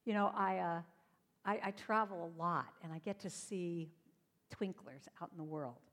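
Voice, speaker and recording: Animated woman telling stories on stage. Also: fairly low pitch, moderate pace, big-room sound. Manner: animated, acts out her stories. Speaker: inspirational speaker. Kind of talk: inspirational stage storytelling. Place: stage before a live audience.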